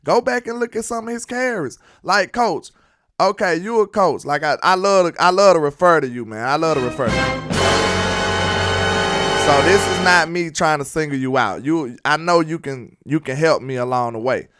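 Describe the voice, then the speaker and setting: A young man hosting a casual sports livestream, answering chat in a relaxed way. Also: a little high, normal speed, over loud music. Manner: chatty, reads and answers chat comments. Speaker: sports live-stream host. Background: hip hop beat playing.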